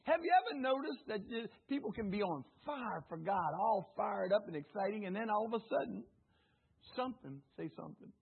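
A man preaching a fervent sermon at a church service. He calls on the congregation to repeat his words and swings between loud exclamations and hushed asides. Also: high voice, expressive, brisk, vocal fry, breathy edge. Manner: fervent preaching with call-and-response prompts to the congregation. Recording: tinny phone-like audio.

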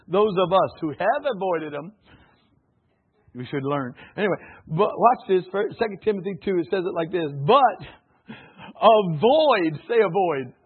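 Folksy preacher, husky and high. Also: male voice, moderate pace. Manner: folksy, animated, calls for audience responses, laughs often. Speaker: pastor. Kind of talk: sermon. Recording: phone-like narrow band.

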